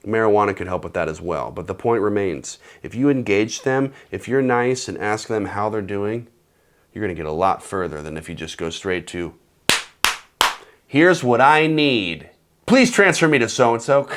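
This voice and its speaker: A man in his thirties giving comedic advice, animated and sarcastic, acting out bits of phone calls. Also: sits low, moderate pace, background noise. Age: 30s. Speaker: host.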